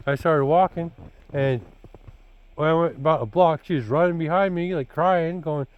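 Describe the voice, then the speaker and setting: His voice sits on the high side, clean and at normal speed, with no room sound but low-quality recording. He's a dad casually telling his son about dating in a rambling vlog, blunt, preachy, and repeating "you know" and "dude."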